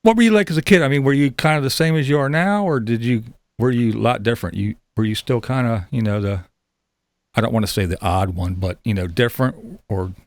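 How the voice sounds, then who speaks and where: Man, gravelly voice, chatty interview host, loose and friendly, laughs easily. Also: medium pitch, fairly quick, dry recording, clean studio sound. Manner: upbeat, chatty, laughs often, restarts sentences. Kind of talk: casual interview chat.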